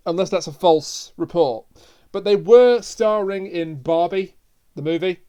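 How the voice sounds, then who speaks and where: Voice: mid-range voice, a little slow, warm tone. A podcast host in casual chat, joking around, laughing often and stumbling over words. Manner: jokey, laughs a lot, trips over words.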